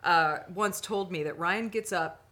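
Casting note: woman podcast co-host, animated storyteller, bright lower-pitched voice, jumps up high for quoted lines. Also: unhurried. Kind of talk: casual chat, animated storytelling.

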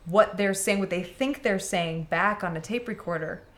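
A woman from Michigan co-hosting a podcast, chatting casually in an animated, teasing way. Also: mid-range voice. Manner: animated, teasing, quick to joke. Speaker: podcast co-host. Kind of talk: casual chat.

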